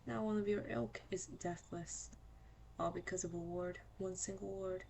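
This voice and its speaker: A woman's voice: fairly low pitch, fairly even intonation, creaky, slight background noise. Brief: a menacing, cryptic stranger, read by a woman for a horror game. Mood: ominous. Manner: cryptic, measured, quietly menacing. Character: ominous mysterious stranger at the door. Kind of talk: reading game dialogue aloud.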